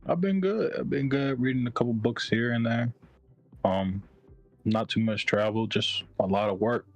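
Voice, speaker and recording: A man talks games in a loose, animated way, full of slang and swearing. His pitch sits mid-range for a man. Faint music plays underneath. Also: moderate pace, rough recording. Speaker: guest. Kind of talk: casual gaming chat.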